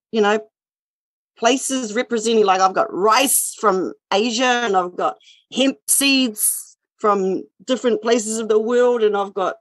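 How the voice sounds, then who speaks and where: A woman's voice: fairly high pitch, dry recording. Earnest New Zealand woman on a video call. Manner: earnest, animated, with frequent fillers and restarts. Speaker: indigenous speaker in a sharing circle. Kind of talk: casual online sharing circle talk.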